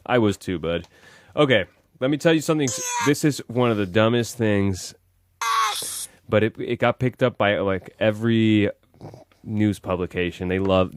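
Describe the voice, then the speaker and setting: A man hosting a casual podcast chat, rambling and correcting himself as he goes. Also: low voice. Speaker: podcast host.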